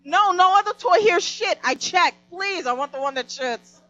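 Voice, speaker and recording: A woman's voice: very high voice, lively intonation, moderate pace, sharp tone, no room sound, highs cut off, voice pushed up, exaggerated voice. A woman voicing a little girl who insistently pleads with her mother in a toy store. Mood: pleading. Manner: whiny, insistent.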